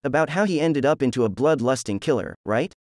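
A man's voice: mid-range voice, animated, fairly quick, dry recording, studio quality, lightly acted. A man voicing a rude, lazy teenage boy ninja antihero who talks in a crude, dismissive way. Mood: mocking.

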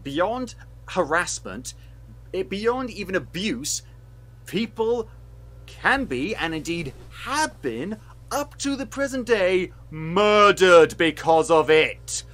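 Man, film podcast co-host; high, lively voice, heated sarcastic rant. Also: takes it slowly. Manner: heated, sweary, sarcastic ranting. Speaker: podcast co-host reviewing films.

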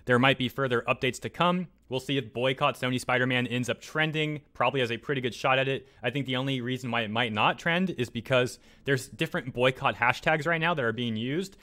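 A man's voice: mid-range voice, bright, forceful tone. A man hosting a casual commentary video, reading out posts and chatting about them with loose fillers and asides. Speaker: YouTube commentator.

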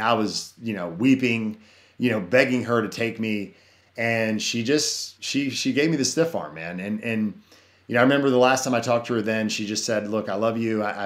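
A man with a fairly low voice shares his personal testimony in casual conversation. He is earnest and rambling, leans on "you know," and often restarts his sentences. The room adds a noticeable echo. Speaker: podcast guest. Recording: roomy echo.

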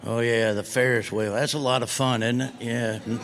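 A middle-aged man doing a stand-up routine in a folksy, deadpan storytelling drawl. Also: medium pitch, normal speed. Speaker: stand-up comedian. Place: comedy stage before a live audience. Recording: live stage recording with room noise.

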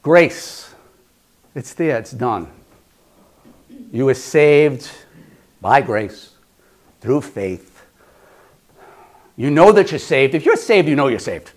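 A man's voice: medium pitch, sing-song, takes it slowly, pauses often. Conversational man preaching a sermon. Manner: conversational, playful, repeats phrases. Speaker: pastor.

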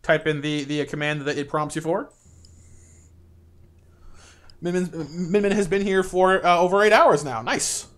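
A man's voice: a little high, moderate pace, long pauses. A man streaming live gameplay, chatting playfully with viewers and reacting to the game.

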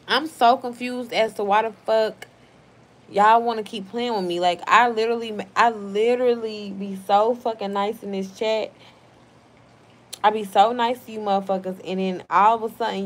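Tipsy young woman ranting at a livestream chat. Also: medium pitch. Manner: brash, profane, quick to snap at chatters. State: tipsy from wine. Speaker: livestream host reading chat.

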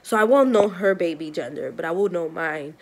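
A pregnant woman in her thirties from New York, chatting excitedly to camera in a rambling, giggly way. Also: fairly low pitch, a little fast. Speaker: vlogger, mother of five. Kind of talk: casual vlog chat to camera.

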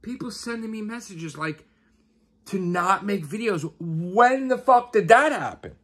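A man's voice: high-pitched, animated, a little slow. A man who hosts a YouTube channel and podcast, giving an exasperated, profane rant and repeating his questions. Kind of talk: angry ranting vlog.

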